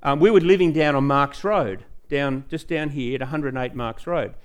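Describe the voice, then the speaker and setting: A middle-aged man, preaching a sermon in a church and telling personal stories with growing excitement. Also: mid-range voice, moderate pace. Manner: storytelling, animated, rising excitement. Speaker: pastor.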